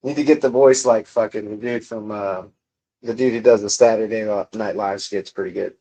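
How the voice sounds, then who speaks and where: A young man with a lowish, steady, warm voice speaks at normal speed while livestreaming from home. He casually reads the chat and teases viewers in a profane, mocking manner.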